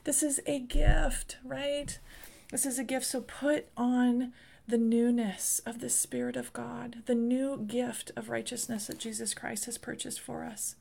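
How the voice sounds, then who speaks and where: A woman's voice: on the high side, flat delivery, a little slow, gravelly, dark tone. A woman preaching a sermon, reading scripture and building into fervent, repeated exhortations. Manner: fervent, repeats phrases and rises into passionate exhortation.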